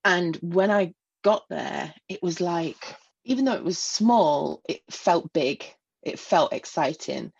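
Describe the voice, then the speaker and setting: A woman's voice: on the low side, expressive, slow, vocal fry, darkish tone, slightly rough, dull audio. A middle-aged woman from England, reflecting on her past in a personal interview, with many fillers and small laughs. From Northeast England. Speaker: guest. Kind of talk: personal interview, recounting memories.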